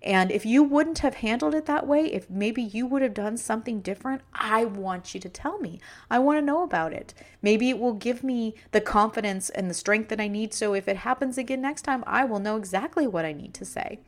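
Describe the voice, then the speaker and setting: A woman's voice: fairly high pitch, fairly quick, few pauses. A middle-aged woman hosting a personal podcast, talking earnestly and emotionally about kindness and her children. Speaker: podcast host.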